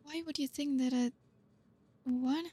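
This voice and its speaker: A woman voicing a blunt, reserved young woman who is gruff but caring, talking to the listener in an audio role-play in a halting, awkward way. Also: high voice, fairly even intonation, warm tone, no echo. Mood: awkward, tender. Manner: halting, awkward, stumbling over words.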